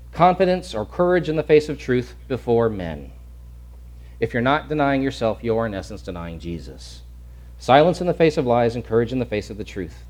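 A man's voice: mid-range voice, a little mellow. A male pastor preaching a sermon in an earnest, emphatic way, often restarting and repeating words.

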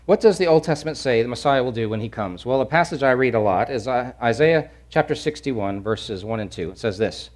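A man from Louisiana preaching a sermon, animated and emphatic, with lots of repetition. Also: medium pitch, a little fast, few pauses. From Louisiana, USA.

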